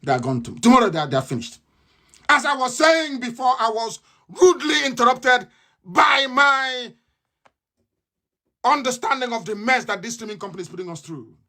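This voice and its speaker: A man's voice: extremely high pitch, lively intonation, moderate pace, bright, forceful tone. A man with a Nigerian accent giving a combative, mocking live radio address, repeating his points again and again. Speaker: radio broadcaster.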